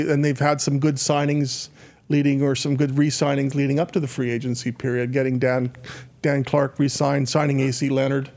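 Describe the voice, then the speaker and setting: A man analyzes football on sports talk radio in a careful, measured tone. He often restarts his phrases as he thinks, and his voice sits at a middling pitch. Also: creaky, darkish tone.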